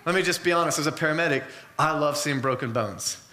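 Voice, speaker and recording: A man's voice: fairly high pitch, fast talker, sharp tone, reverberant. A man preaching a sermon in an earnest, conversational way, mixing in personal stories.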